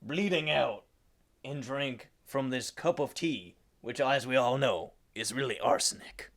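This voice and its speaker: A man's voice: medium pitch, a little slow, a bit bright. A man on a comedy podcast who tells absurd improvised stories in a matter-of-fact way. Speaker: podcast panelist. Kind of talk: casual comedic improv storytelling.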